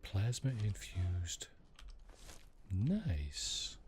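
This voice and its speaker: A man's voice: low voice, very animated, drawn-out words, a little mellow, faint music behind. A man casually commentating his game while streaming and chatting to viewers. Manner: chatty, talks to chat viewers by name.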